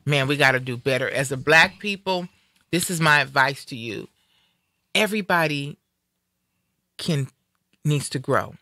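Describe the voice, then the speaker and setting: A woman's voice: low-pitched, lively intonation, measured pace, long pauses, bright, forceful tone, no room sound, studio quality. A middle-aged woman hosting a live stream, talking earnestly and emotionally in casual chat, often repeating herself. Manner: earnest, preachy, repeats phrases.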